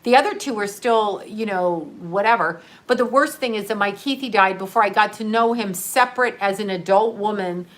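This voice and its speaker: Here the American middle-aged livestream host speaks at a mid-range pitch and normal speed, a bit bright, with hardly any pauses. Her candid monologue is blunt and profane, full of laughter while she grieves.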